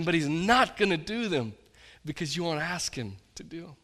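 Male pastor, sermon delivery, bright tone, impassioned with loud-to-quiet swings. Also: fairly high pitch, lively intonation, moderate pace, long reverb tail. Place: church.

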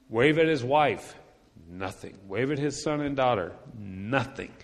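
A male pastor delivers a sermon in a relaxed storytelling voice, pitched right in the middle of the male range. He hammers his points home by repeating them. The recording carries the long, ringing reverb of a church sanctuary. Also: normal speed. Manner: conversational storytelling preaching with emphatic repetition.

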